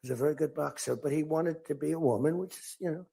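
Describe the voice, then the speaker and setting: A man's voice: fairly high pitch, fast, gravelly, warm tone, slightly rough. An older man giving a rambling, off-script speech to a crowd, telling stories and acting out quoted lines in other voices. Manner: storytelling, acts out quotes in different voices. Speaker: political speaker.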